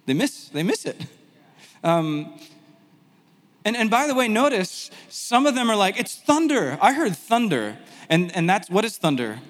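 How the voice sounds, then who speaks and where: A man teaching a sermon in a conversational, animated way, with self-deprecating asides. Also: high-pitched, unhurried, long pauses, big-room sound. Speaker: pastor.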